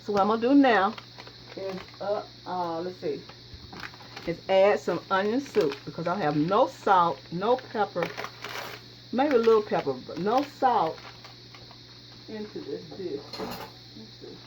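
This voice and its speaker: A woman's voice: mid-range voice, unhurried, long pauses. A woman hosting a home cooking video, chatting folksily to viewers as she works in her kitchen. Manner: folksy, chatty, talks straight to viewers with frequent y'all. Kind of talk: casual cooking demonstration. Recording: dull lo-fi sound with steady background noise.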